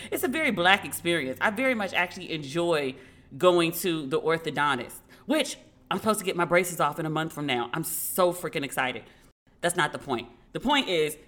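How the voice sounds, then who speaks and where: A woman's voice: fairly low pitch, a bit bright. Chatty salty woman podcast host. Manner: chatty, salty, quick asides and laughs. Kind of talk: casual pop-culture commentary.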